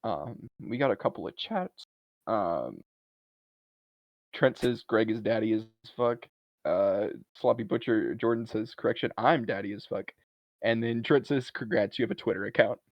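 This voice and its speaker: A man co-hosting a podcast, retelling a film's plot in a casual, animated way. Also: fairly low pitch, moderate pace, creaky, dry recording, dull audio. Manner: animated retelling, briefly acting out lines from a film. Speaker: podcast co-host. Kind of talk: casual movie recap chat.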